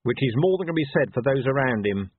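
A man doing a gruff, weary watch commander. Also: medium pitch, expressive, a little fast, voice pushed up. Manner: gruff, clipped, awkward. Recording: tinny phone-like dry sound.

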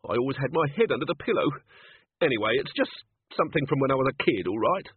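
A man's voice: mid-range voice, expressive, quick pace, husky, pitched above the performer's own voice. A man reading aloud, voicing a jumpy, terrified man with a shaky, quavering voice, over a phone-like line. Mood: haunted. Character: terrified jumpy man, haunted by childhood fears. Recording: phone-like lo-fi recording.

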